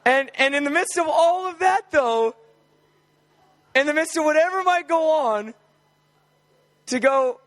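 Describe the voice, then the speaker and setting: High-voiced fervent male preacher. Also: lively intonation, measured pace, long pauses. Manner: fervent, building to shouted exclamations; casual, conversational with filler words. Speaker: guest preacher. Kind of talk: sermon leading group prayer.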